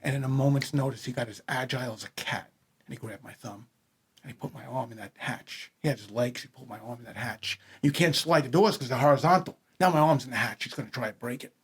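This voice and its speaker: A man's voice: medium pitch, fairly quick, breathy edge. A man with a New York accent, a podcast guest telling rambling stories, often saying "man". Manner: rambling, restarts, says "man" a lot. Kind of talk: casual storytelling chat.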